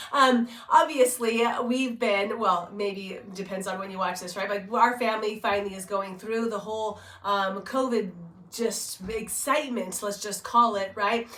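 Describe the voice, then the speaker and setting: A woman hosting a daily live morning video, chatting in a hoarse, sick voice, upbeat and laughing often, with many fillers. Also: a little high, bright, forceful tone, roomy sound. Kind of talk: casual motivational live stream.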